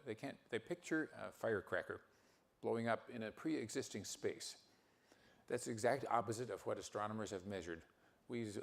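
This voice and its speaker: An older man giving a conference talk, speaking haltingly with many fillers and restarts. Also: lowish voice, gravelly. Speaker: keynote speaker.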